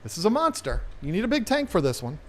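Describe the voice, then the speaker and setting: A man's voice: sits high, wildly swooping pitch, fast, a bit bright. A man hosts a live stream about fish tanks with a slightly raised voice. He talks casually and rambles playfully between topics, joking with viewers as he goes. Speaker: aquarium channel host.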